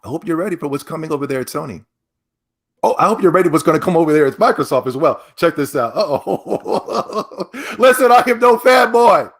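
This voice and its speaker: A man hosting a podcast, giving emphatic, animated commentary that repeats itself when he gets worked up and often breaks into laughter. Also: fairly high pitch, fairly quick. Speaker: podcast host. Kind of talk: ranting commentary.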